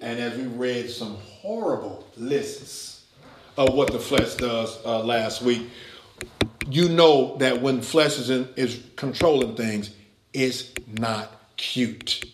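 A man preaching to a Bible class, swinging between loud, emphatic passages and quiet, low asides. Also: slow pace, roomy sound, background noise. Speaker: pastor teaching a Bible class. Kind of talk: sermon.

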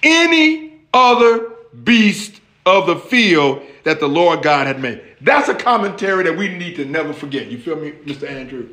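A man preaching a lively sermon, talking straight to his listeners in a casual, conversational way. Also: on the high side, moderate pace, reverberant. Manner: animated, conversational, addresses listeners directly.

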